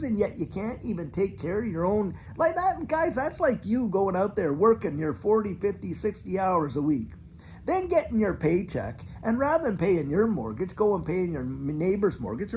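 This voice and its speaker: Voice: medium pitch, slight background noise. A middle-aged finance channel host ranting in a casual commentary monologue, now and then mocking officials in a put-on voice. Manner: animated, ranting, mock-quoting officials.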